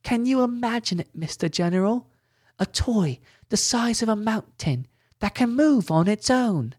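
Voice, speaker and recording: A man's voice: high voice, normal speed, mellow, no room sound, clean studio sound, voice pushed up. A man voicing a small, eager little boy who speaks earnestly.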